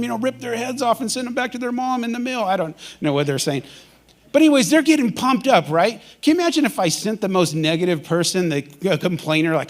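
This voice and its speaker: A middle-aged male pastor gives a sermon in a casual, conversational way. His voice sits a little high for a man, and he slips into quick impressions of everyday people. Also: animated.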